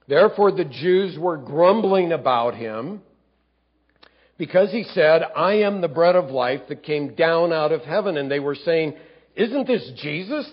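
A man's voice: mid-range voice, muffled recording. A male pastor teaching a sermon, reading scripture aloud and explaining it verse by verse. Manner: teaching, reads scripture aloud and acts out grumbling voices. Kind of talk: expository sermon.

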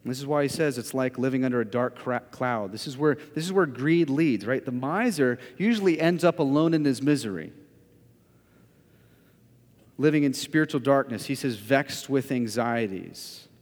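A man's voice: mid-range voice, normal speed. Man preaching in a reverberant hall. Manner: emphatic preaching, swinging from loud to hushed. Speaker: pastor. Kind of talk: sermon. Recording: long reverb of a large hall.

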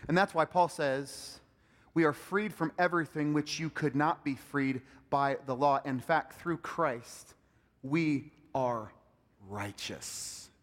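Man, pastor, high voice, sermon in a church, emphatic then soft, long hall reverb. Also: takes it slowly. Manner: animated preaching, swinging between loud emphatic peaks and soft low asides. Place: church sanctuary.

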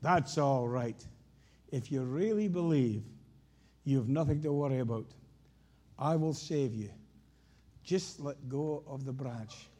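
A man voicing God speaking from below, slow, low and reassuring. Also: fairly even intonation, dark tone, natural voice. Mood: calm. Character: calm, deep voice of God.

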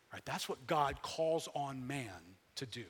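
Animated man preaching in a big hall. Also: medium pitch, unhurried, breathy edge. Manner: animated, swings from quiet to shouting. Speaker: pastor. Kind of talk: sermon.

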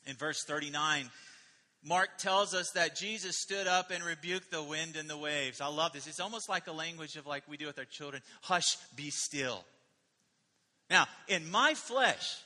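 A male pastor preaches with animated emphasis and keeps turning to his listeners with questions. His voice is slightly high and very bright, almost piercing. A long reverb from a large church sanctuary trails each phrase. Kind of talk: sermon.

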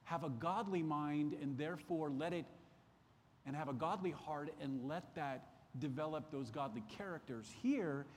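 A man's voice: fairly high pitch, normal speed, in a large hall, slight background noise. A man teaching a Sunday school Bible lesson, earnest and repeating key phrases for emphasis. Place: church classroom.

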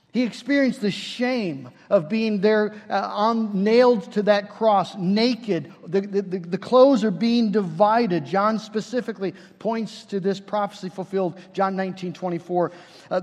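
A man's voice: high-pitched, a little mellow, long reverb tail. A man preaching a sermon, earnest and building to fervent emphasis, often restarting his phrases.

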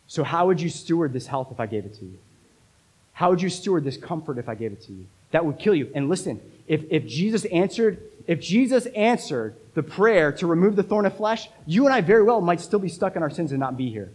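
Male pastor, a little higher-pitched, emphatic preaching that repeats its points and drops to a hush. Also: animated, a little fast, husky, poor audio. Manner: emphatic, repeats phrases, swings between loud and hushed. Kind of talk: sermon.

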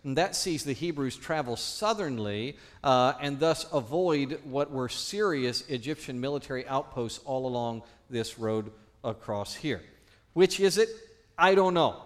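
A man preaching a sermon as pastor, teaching and questioning the congregation, swinging between loud emphasis and hushed tones. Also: medium pitch, expressive, unhurried.

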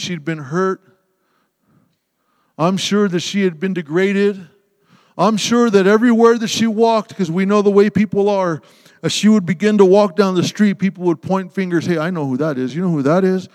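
A man preaching a sermon with passion, swinging between loud emphasis and hushed, tender passages. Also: high voice. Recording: long hall reverb.

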